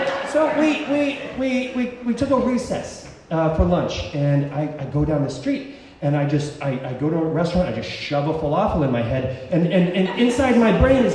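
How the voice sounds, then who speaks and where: A man in his thirties rambles through a live personal story, stumbling and piling up fillers. His voice sits high, with long hall reverb. A distant mic catches him over steady room hum. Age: 30s. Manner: rambling, stammering, filler-heavy. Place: stage at a cultural center.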